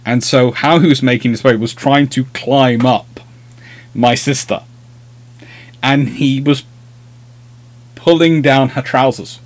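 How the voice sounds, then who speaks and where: A man's voice: medium pitch, fairly even intonation, measured pace. A man hosting a livestream, chatting casually and telling rambling, self-deprecating anecdotes. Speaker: host of a naval history livestream.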